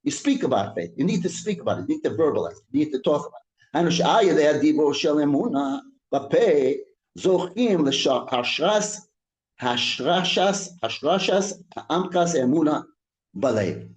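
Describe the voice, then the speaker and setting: A rabbi teaching a Torah class. He reads Hebrew text quickly and explains it in English, repeating and restarting his phrases. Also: on the high side, very animated, reverberant, rough recording. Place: synagogue room.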